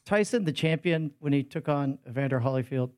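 A man on a casual podcast, playing along in a quiz and tossing out quick joking quips. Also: mid-range voice, a little mellow, dry recording, studio quality. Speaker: podcast co-host, quiz contestant.

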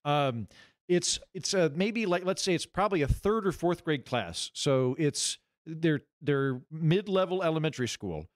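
Animated man telling stories, dry mic. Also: on the high side, a little slow, dry recording. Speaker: podcast guest, former substitute teacher. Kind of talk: casual comedic storytelling.

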